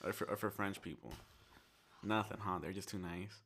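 A man in casual chat, teasing with a dry, deadpan manner. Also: deep voice, moderate pace.

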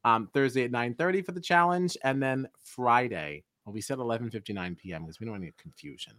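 A man's voice: mid-range voice, fast talker, no echo, studio quality. A man co-hosting a casual reality TV recap podcast, running the show and plugging its socials. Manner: lively, wraps up the show with plugs. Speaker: podcast co-host.

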